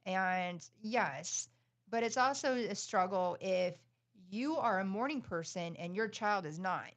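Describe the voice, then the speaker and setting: A woman's voice: medium pitch, lively intonation, a little slow. Chatty upbeat woman podcast host. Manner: chatty, upbeat, laughs often. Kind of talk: casual chat.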